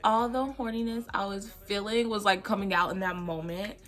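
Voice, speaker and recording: A young woman vlogger chatting casually while doing her makeup, telling a story with lots of laughter and cursing. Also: mid-range voice. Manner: animated, laughing, profane, drawn-out storytelling. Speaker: beauty vlogger.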